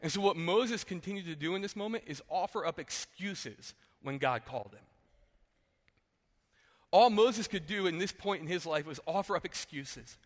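A man's voice: high voice, animated, moderate pace, long reverb tail. A male pastor giving a sermon in a conversational way, often saying "like" as he explains. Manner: conversational, often says "like" and restarts.

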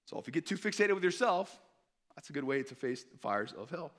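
Missionary guy preaching, bit high-pitched, chatty, keeps asking "right?" to the room. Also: sing-song, fairly quick, fairly bright tone. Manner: conversational, asks the audience often with "right?". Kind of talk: sermon.

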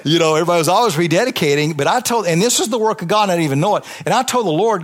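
Male pastor, high voice, impassioned testimony sermon, emphatic repeats, church congregation. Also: animated, very fast, few pauses. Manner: impassioned, conversational preaching with emphatic repetition.

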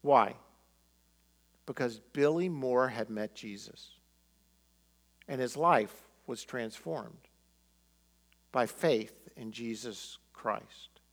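A pastor preaching a sermon, telling a story and acting out the quotes with feeling. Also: male voice, mid-range voice, extremely slow, pauses often, a bit bright.

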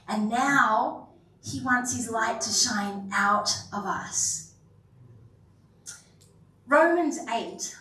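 A woman pastor preaching in a high voice, unhurried and earnest, slipping into stories and little jokes at her own expense. She is heard from a distance in an echoey church hall, with a faint hum of the room behind her. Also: fairly bright tone. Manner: earnest, storytelling, with self-deprecating asides. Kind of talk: sermon.

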